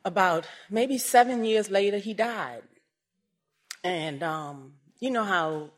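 A woman giving a personal testimony, swinging between hushed and raised, emotional storytelling. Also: sits low.

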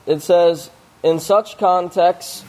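A man preaching slowly through a scripture study, reading verses aloud and pausing on word meanings with fillers and restarts. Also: high-pitched, steady tone, a little mellow. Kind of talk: slow scripture study sermon.

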